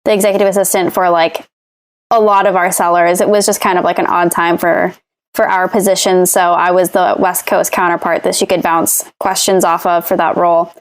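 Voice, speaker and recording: A woman's voice: fairly low pitch, flat delivery, fairly quick. A woman guest on a podcast, talking casually and chattily with frequent "like" fillers. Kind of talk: casual chat.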